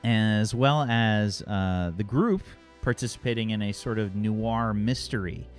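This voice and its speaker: A man acting as game master, recapping the story with many pauses and fillers. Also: lowish voice, clear, resonant tone, faint music behind. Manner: halting recap, many ums and uhs. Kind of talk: narrating a tabletop game.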